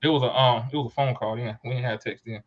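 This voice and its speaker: A man's voice: medium pitch, fast, dull audio. A man hosting a podcast, telling a story in casual chat and acting out the voices of people in it. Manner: animated storyteller, acts out quoted voices. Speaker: podcast host.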